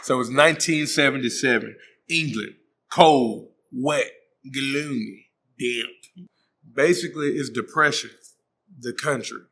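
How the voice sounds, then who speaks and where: A man's voice: mid-range voice, a little slow, creaky, pauses often, pushed and bright, slight background noise. A man hosting a comedic movie recap, joking in slang and acting out the characters' voices. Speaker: host.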